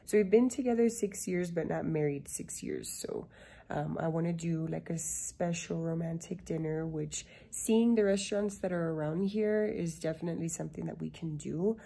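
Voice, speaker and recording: A woman's voice: sits low, moderate pace, vocal fry, mellow, slightly rough, poor audio. A young woman in her twenties chatting casually to a handheld camera as a travel vlogger, bubbly and full of fillers. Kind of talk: casual vlog chat.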